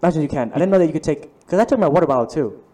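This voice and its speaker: A young man in a casual chat, rambling through an animated story with lots of fillers. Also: a little high, very fast. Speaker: friend in group chat.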